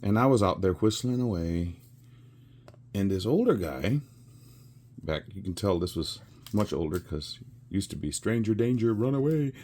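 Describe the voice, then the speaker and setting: A man's voice: low-pitched, darkish tone, slight background noise. A man in his sixties telling a rambling story with chuckles and fillers while he works on a craft. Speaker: resin crafter.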